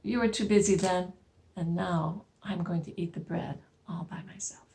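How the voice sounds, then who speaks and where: A woman voicing a hardworking little hen in a storybook tale, speaking in a high, insistent voice. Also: fairly even intonation, normal speed, warm tone, natural voice. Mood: scolding. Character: fussy little hen, hardworking and put-upon.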